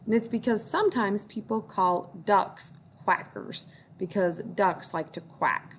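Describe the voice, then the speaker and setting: A woman's voice: mid-range voice, a little slow, few pauses, slight background noise. A woman teacher reading a picture book aloud to young children, encouraging them to join in.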